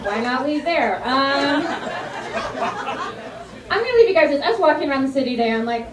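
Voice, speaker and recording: A woman from New Jersey doing a stand-up comedy set, telling animated stories with sudden high-pitched punchlines. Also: brisk, pauses often, far from the mic. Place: comedy club stage. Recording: echoey club recording from afar, with crowd laughter.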